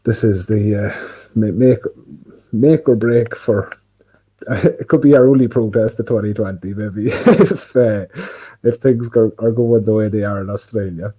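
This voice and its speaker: Irish guy with a deep husky voice, rambling on a stream, swearing, lots of "like". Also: measured pace, warm tone, low-quality recording. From Ireland. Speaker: livestream host. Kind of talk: casual rambling livestream monologue. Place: indoors by a window.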